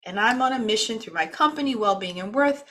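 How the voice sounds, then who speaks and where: A woman's voice: fairly high pitch, expressive, fairly quick, a bit bright. A woman from the East Coast of the United States hosting a wellness program, chatty and talkative, introducing her guest in a casual live session. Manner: chatty, talkative, laughs often.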